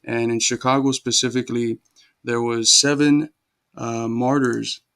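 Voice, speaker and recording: A man's voice: mid-range voice, level tone, unhurried, creaky, fairly bright tone, clear, resonant tone. A man hosting a casual livestream, greeting viewers from the chat by name one after another and then explaining a holiday. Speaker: livestream host.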